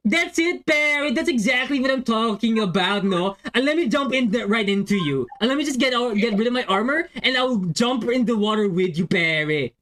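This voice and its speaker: Guy doing a goofy accented paladin npc, super eager, voice cranked way high. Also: expressive, brisk, hardly any pauses, fairly bright tone. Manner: overeager, exclaiming in a put-on accent.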